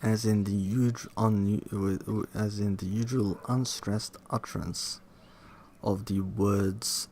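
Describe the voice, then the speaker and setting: Slow, low-voiced man reading haltingly. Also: little pitch movement, warm tone, slight background noise. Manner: halting, restarts words and questions the text aloud. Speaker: reader studying a linguistics textbook. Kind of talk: reading aloud with self-commentary.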